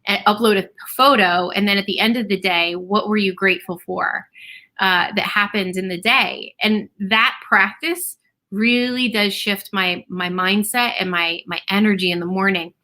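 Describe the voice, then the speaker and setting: Casting note: woman, interview host, bright and forward voice, chatty and fluent. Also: mid-range voice, steady tone, moderate pace. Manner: warm, chatty, fluent, many fillers like "you know". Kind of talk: conversational interview.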